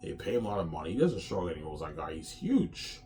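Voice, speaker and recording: Brash male host, lowish voice, rambling boastful monologue. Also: sing-song, quick pace, darkish tone, slight background noise. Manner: brash, repetitive, ends phrases with "man". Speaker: show host.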